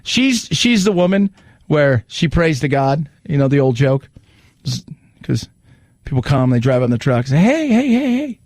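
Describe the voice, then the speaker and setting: A man's voice: mid-range voice, normal speed, no echo. A man hosting a talk radio show in his studio, chatting casually and acting out voices when he tells a story. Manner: animated storyteller who acts out voices in jokes.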